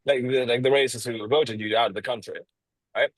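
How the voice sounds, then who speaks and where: A man coaching on a video call, talking bluntly and swearing freely, with a lively tonality, deliberate pauses and stressed words. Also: mid-range voice, no echo, rough recording. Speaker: sales coach.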